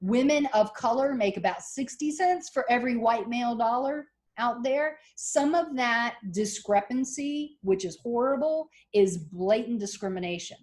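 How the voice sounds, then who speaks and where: A middle-aged woman giving a classroom lecture, telling stories and acting out the people she quotes in lively voices. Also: on the high side, normal speed, hardly any pauses. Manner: animated, acts out quoted voices. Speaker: college lecturer.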